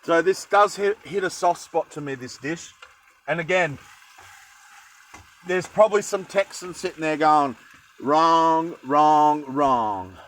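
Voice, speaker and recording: A man's voice: fairly high pitch, measured pace, pauses often, fairly bright tone, rough recording. A young Australian man chatting casually while cooking in a van, rambling with jokey asides. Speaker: cooking vlogger. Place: van kitchen.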